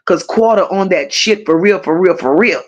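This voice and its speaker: Reading comments from her audience during a casual live chat, this livestream host jabs back with swearing and teasing. She speaks at a moderate pace in a fairly low pitch.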